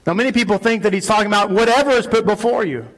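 A man preaching a sermon in a synagogue, arguing emphatically and rising to loud peaks on key points. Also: high voice, very fast. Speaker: rabbi.

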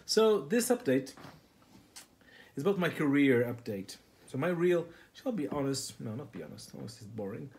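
Talking directly to the camera, a male comedian vlogger spins a meandering, foul-mouthed, absurd tale. He speaks at normal speed in a mid-range, sing-song voice that is a little mellow and slightly rough.

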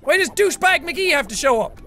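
A man giving loud, excitable let's play commentary on a close desk mic, swearing often and laughing between lines. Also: extremely high pitch. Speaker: gaming YouTuber.

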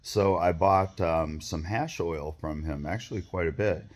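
A man with a low voice tells a long, meandering story straight to camera. He swears freely and keeps stopping to restart sentences and throw in asides. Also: a little slow. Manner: rambling, profane, lots of fillers and restarts. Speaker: vlogger.

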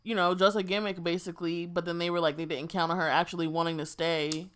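A woman's voice: on the low side, flat delivery, fast talker, fairly bright tone, clean tone. A woman co-hosting a casual podcast chat, telling stories bluntly and with swearing. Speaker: podcast co-host.

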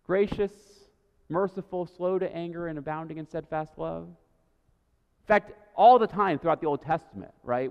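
A man preaching a sermon as a pastor, in a conversational way, often checking in with the listener by asking "right?". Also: high voice. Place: church sanctuary. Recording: dull sound with long church reverb.

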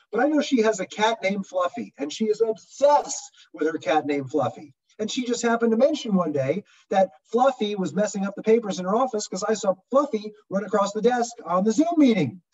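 A real estate trainer walks viewers through webinar software on a video call, his voice higher and husky. He's animated and acts out customer voices. The lo-fi audio sounds dull and far from the mic.

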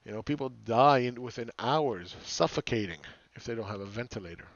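A man's voice: mid-range voice, lively intonation, a little fast, no room sound, muffled recording. A man hosting a market commentary channel, ranting sarcastically with exasperation and repeating phrases for emphasis. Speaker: market analyst host.

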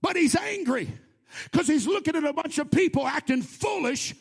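A male preacher delivers a Pentecostal sermon in a very high voice with a gravelly edge. He swings into shouts and acts out the voices in the story. He throws in teasing, humorous asides. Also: expressive, moderate pace.

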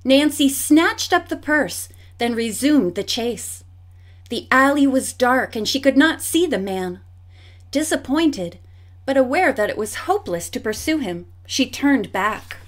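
A woman narrating a mystery audiobook in a clear, measured storytelling voice. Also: high-pitched, animated.

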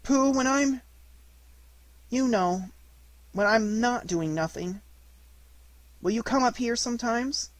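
A man's voice: very high voice, slow, long pauses, no room sound, pitched above the performer's own voice. A man voicing an earnest, thoughtful little boy in a storybook reading, speaking tenderly.

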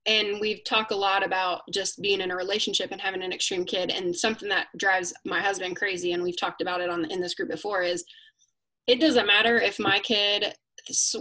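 A woman hosting a casual live chat, candid and self-mocking, getting animated when she quotes herself. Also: medium pitch, brisk, rough recording. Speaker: host.

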